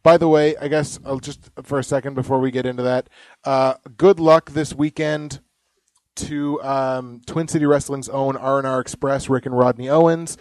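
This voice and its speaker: A man's voice: mid-range voice, fairly even intonation, normal speed, darkish tone, dry recording. A man co-hosting a podcast in casual chat, rambling, swearing and joking. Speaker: podcast co-host. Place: home basement.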